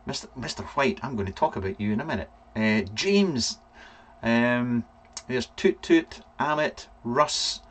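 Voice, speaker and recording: A man's voice: mid-range voice, expressive, a little slow. A Scottish man hosting a casual live vlog, rambling through viewer names with lots of ums. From Scotland. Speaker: vape reviewer and live vlog host. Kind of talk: casual live-stream chat.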